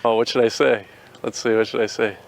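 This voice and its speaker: A man's voice: medium pitch, little pitch movement, fast, creaky, slight background noise. An American man answering interview questions outdoors, earnest and opinionated, often restarting his sentences. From United States. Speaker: interviewee, volunteer fighter.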